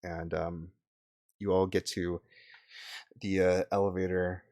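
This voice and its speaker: A man narrating as game master, halting with many fillers and swears. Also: deep voice, flat delivery, a little mellow.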